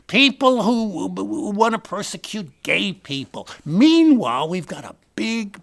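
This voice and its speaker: A man acting out a blustering party insider who rambles through gossip and jabs at his own side in a satirical comic monologue. His voice is gravelly and bright, pitched a little high, with a lively rise and fall. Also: heavily acted. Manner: rambling, name-dropping, punchline-driven. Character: rambling, boastful male Republican party insider. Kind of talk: satirical stand-up rant.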